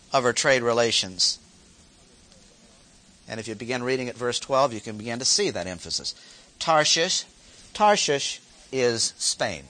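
A man's voice: mid-range voice, sharp tone. A man teaching a Bible lesson, reading verses aloud and stopping to explain them with short asides and repeated key phrases. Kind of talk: expository Bible lecture.

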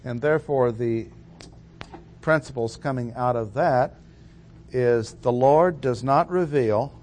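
Deliberate male preacher stressing key words. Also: mid-range voice, a little mellow, a little hiss or hum. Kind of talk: expository sermon.

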